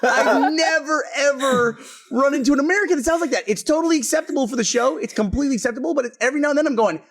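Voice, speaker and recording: A man's voice: very high voice, racing. A man hosting a podcast, chatting casually and animatedly, slipping into voices while telling stories. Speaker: podcast host. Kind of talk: casual chat.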